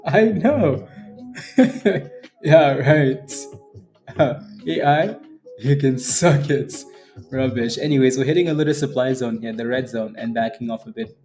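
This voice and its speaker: A man's voice: medium pitch, takes it slowly, long pauses, a little mellow, soft background music. A man hosting a live day trading stream, chatting casually, laughing often and answering viewers by name. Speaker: day trading livestream host.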